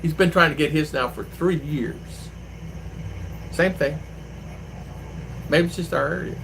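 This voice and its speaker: Guy vlogging outside, kinda high voice, rambling story, does little voices for people, faint traffic noise. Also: measured pace, vocal fry. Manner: animated, mimics voices when retelling exchanges. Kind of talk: casual storytelling to viewers. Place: outdoors, riding an e-bike.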